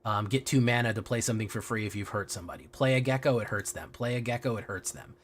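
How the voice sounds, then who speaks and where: A man's voice: mid-range voice, steady tone, fast, slight background noise. A man streaming a card game, chatting casually with his viewers, swearing freely and often restarting his sentences. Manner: casual and profane, restarts a lot. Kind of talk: casual livestream chat.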